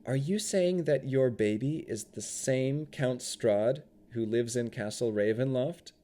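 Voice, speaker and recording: Wary adventurer woman, guy voicing her, slow and questioning. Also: medium pitch, warm tone, pitched above the performer's own voice, close to an everyday voice. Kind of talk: audiobook character voice.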